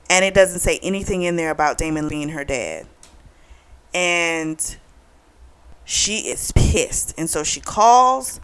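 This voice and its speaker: A woman casually retelling a book's plot for a review, acting out the characters' lines in quotes as she goes. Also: lowish voice. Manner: chatty storytelling, retells dialogue in quotes. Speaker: book club vlogger. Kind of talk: casual book review recap.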